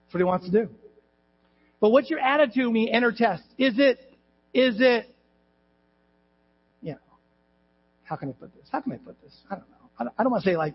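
High, husky-voiced man preaching. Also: normal speed, pauses often, big-room sound, muffled recording. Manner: animated, emphatic preaching with rhetorical questions. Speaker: pastor. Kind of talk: sermon. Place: church hall.

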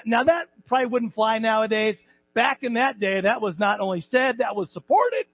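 A male pastor preaching a sermon in a church, animated and joking, acting out voices and shouting at times. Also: high voice, moderate pace, breathy edge, no room sound, dull audio. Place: church sanctuary.

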